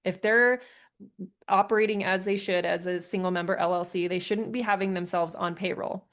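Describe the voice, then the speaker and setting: A woman's voice: fairly low pitch, fairly even intonation, normal speed. A woman hosting a live online Q&A, answering questions in a casual, chatty way with frequent laughs. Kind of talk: live Q&A session.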